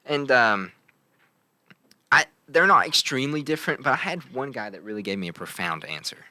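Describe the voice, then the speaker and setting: A man's voice: mid-range voice, very animated, fairly quick, sharp tone, no echo. A young man hosting a casual podcast chat, telling stories playfully and tagging his lines with "right?". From from Logan. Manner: playful storyteller, full of "right?" tags. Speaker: podcast host.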